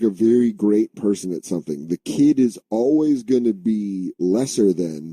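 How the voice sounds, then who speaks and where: A man's voice: fairly low pitch, mellow, husky, dry recording. A man co-hosting a comedy podcast, riffing loosely in casual chat and slipping into goofy voices. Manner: riffing, doing silly mock voices. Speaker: podcast co-host.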